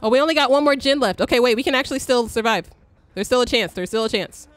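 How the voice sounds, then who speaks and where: A young woman giving excitable live commentary while playing a game, swearing, cheering on teammates and shrieking when chased. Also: a little high, fast talker, dry recording. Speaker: streamer.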